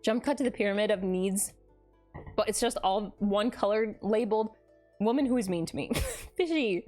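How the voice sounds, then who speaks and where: A young woman live-streaming in casual chat, gushing and excitable, laughing often as she reacts to fan art. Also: medium pitch, moderate pace, soft background music.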